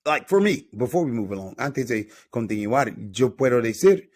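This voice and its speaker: A man from North Carolina teaching a beginner Spanish lesson, upbeat and repeating phrases slowly for learners. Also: medium pitch, very animated, darkish tone. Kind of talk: classroom-style language lesson.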